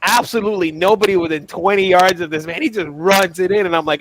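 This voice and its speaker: A man with a high voice chats about sports in a relaxed, reasoning way. He explains calmly and keeps the talk casual. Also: fast talker, background noise. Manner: easygoing, reasoning, reads out chat.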